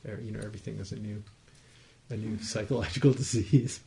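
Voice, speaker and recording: Gravelly-voiced man giving a meditation talk. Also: fairly low pitch, steady tone, fairly quick. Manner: conversational, gently explaining, asks the listeners to confirm they follow. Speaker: meditation teacher. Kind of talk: dharma talk to a group. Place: his home, small group room.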